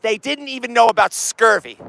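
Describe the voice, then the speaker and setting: An excitable man vlogging outdoors on a city street, rambling loudly at a phone set down nearby. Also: very high voice, a little fast, gravelly, a little hiss or hum, rough recording. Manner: excitable, loud and rambling, talks to his phone. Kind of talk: rambling comic street vlog. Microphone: phone camera set down nearby.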